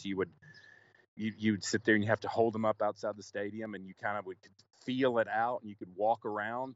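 A man's voice: fairly low pitch, dull audio. A man reporting on location for a podcast, talking casually with many restarts and fillers.

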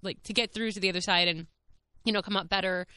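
Young woman, podcast host, casual candid chat, chatty with fillers, bright tone, dry close mic. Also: medium pitch, fairly even intonation, fast talker, clear, resonant tone, no echo. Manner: candid, chatty, laughs often, many fillers.

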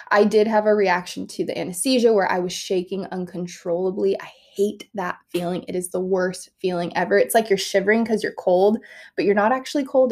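A young woman talks straight to her viewers in a chatty vlog, telling a personal story with lots of animation. Her pitch sits in an ordinary middle range, and she fills her sentences with "like" and excited little exclamations. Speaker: vlogger sharing a birth story.

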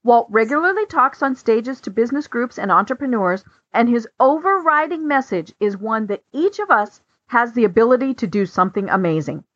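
A woman's voice: on the high side, animated, a little fast, few pauses, fairly bright tone. A woman hosting a podcast interview, asking loose, chatty questions full of fillers. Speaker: podcast host. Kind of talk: conversational interview. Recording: slightly muffled lo-fi audio.

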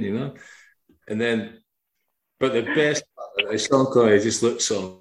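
A middle-aged man with a low voice spins a loose, rambling story, breaking into laughter as he talks. The sound is roomy, with a noticeable echo around him. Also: normal speed. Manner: rambling, laughs while telling. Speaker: podcast host. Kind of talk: casual storytelling.

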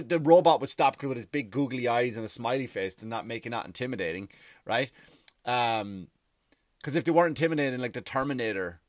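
A man's voice: mid-range voice, no room sound. A man in his forties delivering a rambling, profane comic monologue as a podcast host.

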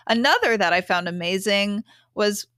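A woman interviewer with a bright, crisp voice asks questions and adds engaged follow-up comments. Her recording is dry and close, with no room sound. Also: medium pitch, lively intonation, normal speed, dry recording.

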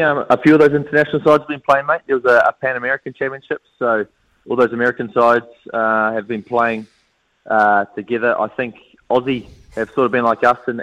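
A man with a New Zealand accent, a team captain, answering interview questions over the phone in a relaxed, modest way. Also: medium pitch. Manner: relaxed, modest, many fillers. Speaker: national softball team captain, phone guest. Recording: phone line.

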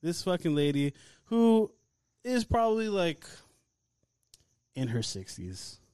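Mellow-voiced man telling a story. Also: high voice, slow pace, clear, resonant tone, no echo, studio quality. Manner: swears often, animated anecdote telling. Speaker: podcast host. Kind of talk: casual chat.

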